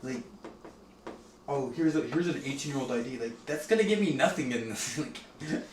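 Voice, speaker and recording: A man's voice: mid-range voice, lively intonation, normal speed. A young man co-hosting a podcast, telling rambling stories in casual chat and laughing often. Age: young adult. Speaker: podcast co-host. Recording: echoey room, distant mic, clear background noise.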